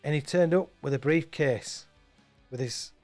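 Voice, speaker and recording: A man's voice: a little high, a little slow, darkish tone, soft background music. A man presenting local radio, chatting casually and rambling, often repeating and restarting his words.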